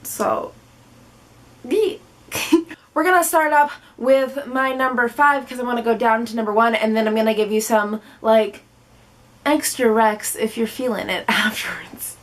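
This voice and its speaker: A woman's voice: fairly high pitch, fairly even intonation, a little slow. A young woman in her twenties, chatting to the camera about books in a bubbly, playful way and slipping into silly voices. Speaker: book vlogger. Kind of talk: casual chat to camera.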